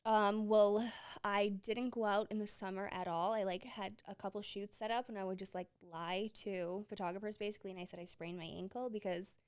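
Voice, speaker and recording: A woman's voice: medium pitch, steady tone, a little fast, smooth. A young woman hosting a podcast, candidly telling a personal story with many filler words and open emotion. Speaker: podcast host.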